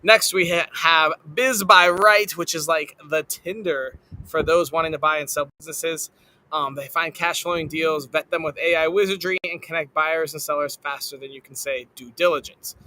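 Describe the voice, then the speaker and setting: A male talk show host whose voice is very bright and a little high. He reads the sponsors haltingly and punches out the names as he introduces each guest. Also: poor audio. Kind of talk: live show hosting, reading sponsors.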